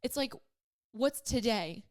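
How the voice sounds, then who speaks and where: A woman's voice: fairly high pitch, animated, takes it slowly. A woman in her twenties hosting a solo podcast, talking casually and emotionally, choked up and rambling with many fillers. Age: 20s. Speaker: podcast host.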